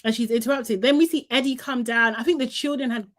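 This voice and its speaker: A woman's voice: fairly high pitch, fairly even intonation, fast talker. A young woman, chatting animatedly through a casual live recap and laughing often. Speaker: reality TV recap host.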